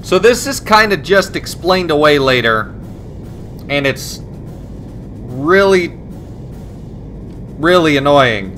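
A man giving profane, sarcastic, excitable commentary while playing a video game. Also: fairly high pitch, slow, pauses often, soft background music. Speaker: let's play host. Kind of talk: gameplay commentary.

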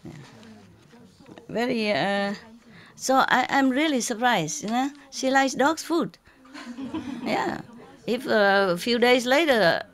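Taking her time and pausing often, a woman spiritual teacher with a fairly high, expressive voice tells a funny story during an informal lecture. She jokes around and imitates a cat's meow, drawing laughter from the live audience.

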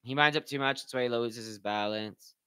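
A young man hosting a live watch party, commentating on slap fights with excitable, profane banter and shoutouts to his chat. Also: medium pitch, brisk, clear, resonant tone. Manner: excitable, swears a lot, talks to chat. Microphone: headphones with mic.

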